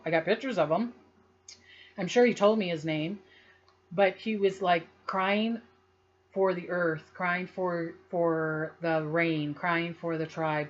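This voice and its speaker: A woman psychic casually telling a personal story to the camera, rambling and animated, acting out what others said and laughing often. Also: low-pitched, lo-fi sound.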